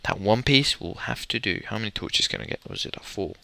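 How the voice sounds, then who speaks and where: Bright gravelly young man gaming. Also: on the low side, huge pitch swings, a little fast. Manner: rambling, muttering to himself, mild swearing. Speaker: gamer commentator. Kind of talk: casual gameplay commentary.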